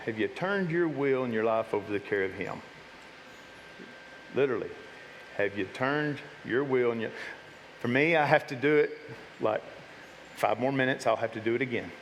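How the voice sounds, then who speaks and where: A pastor with a mid-range voice preaches casually to his church in the sanctuary, frequently repeating words and starting over. The recording has long hall reverb and slight background noise.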